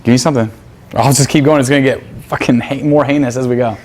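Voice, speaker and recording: A man's voice: medium pitch, steady tone, fast, a little mellow. Profane man teaching a seminar class. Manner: profane, quizzes students, acts out pickup lines. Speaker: seminar instructor. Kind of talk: crude live teaching.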